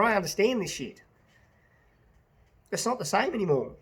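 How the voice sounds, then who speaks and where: A man's voice: high-pitched, animated, brisk, slightly rough. An Australian man, a business owner, ranting to his phone camera in a passionate, blunt way, swearing and repeating himself. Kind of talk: casual to-camera rant.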